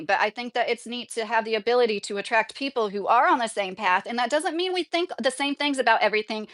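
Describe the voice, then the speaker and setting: Her fairly high, somewhat bright voice carries an indignant, rambling political rant to camera, peppered with restarts and fillers. She's a YouTuber in her late thirties who also reads comments.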